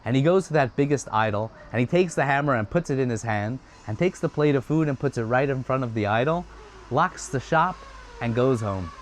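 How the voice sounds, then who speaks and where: A man retelling a story in a casual, conversational way, getting animated at times. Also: mid-range voice, fairly quick, a little hiss or hum.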